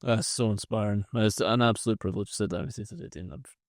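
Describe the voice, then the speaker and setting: A man's voice: on the low side, quick pace, no echo. A man hosting a podcast interview, giving short agreeing replies and thanking his guest. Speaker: podcast host. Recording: dry close-miked studio sound.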